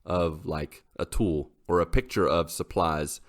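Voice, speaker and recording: A man co-hosting a casual podcast, telling a long rambling story in a lively way. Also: low voice, a little slow. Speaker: podcast host.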